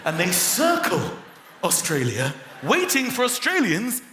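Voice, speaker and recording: A man performing an animated, exasperated stand-up routine on a theatre stage. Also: high-pitched, unhurried, roomy sound, noisy background. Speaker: stand-up comedian. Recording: live theatre with roaring crowd.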